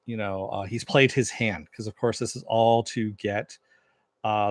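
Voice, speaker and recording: A man's voice: on the low side, no echo, clean studio sound. A man reviewing a TV series, retelling an episode's scenes in a loose, casual way, paraphrasing the dialogue and filling gaps with "uh" and "kind of thing".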